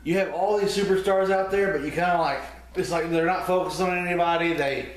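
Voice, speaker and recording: Blunt male co-host, slightly higher voice. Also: steady tone, fairly quick. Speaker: podcast co-host. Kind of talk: casual wrestling review chat. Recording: roomy echo.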